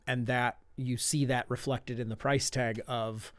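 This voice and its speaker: A man's voice: mid-range voice, level tone, dry recording. Guy from indiana on a podcast, lays it out w/ what-if examples, dead dry mic. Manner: explains with quick hypothetical examples. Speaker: optics company guest. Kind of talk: podcast conversation.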